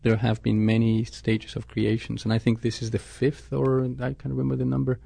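Here a male scientist fields interview questions with care, frequently breaking off to restart or self-correct. He talks briskly in a warm, creaky mid-range voice with a completely flat delivery, and no room sound is audible.

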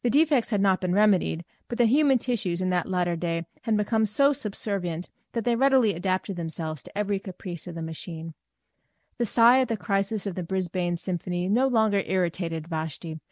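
A woman reading a short story aloud in measured, clear scripted narration. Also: fairly low pitch, lively intonation, darkish tone, dry recording, studio quality. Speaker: reader.

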